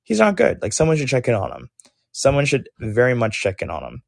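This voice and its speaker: A young man hosting a podcast, giving opinionated political commentary in a sarcastic, animated way, full of "like" and "um". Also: mid-range voice, a little fast, vocal fry, no room sound, clean studio sound. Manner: animated, sarcastic, heavy use of "like" and "um". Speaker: podcast host.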